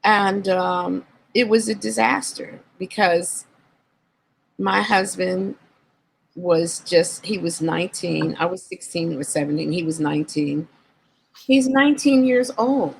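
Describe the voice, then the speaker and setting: A woman guest on an interview show, candidly recounting her life in an earnest, reflective way and slowing down on painful memories. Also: on the low side, vocal fry, slight background noise, rough recording. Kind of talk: candid personal storytelling.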